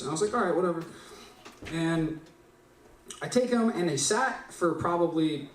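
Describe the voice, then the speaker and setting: A man's voice: on the high side, animated, moderate pace. A young man at an open mic, rambling through a profane story and often tagging lines with "right?". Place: small live venue stage. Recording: echoey room, distant mic.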